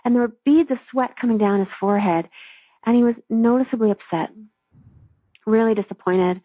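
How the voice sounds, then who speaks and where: A woman's voice: fairly high pitch, no room sound. A woman spiritual teacher telling a story and leading a guided meditation, speaking earnestly and soothingly over a phone line. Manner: earnest, soothing, slow when guiding. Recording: tinny phone line, dry.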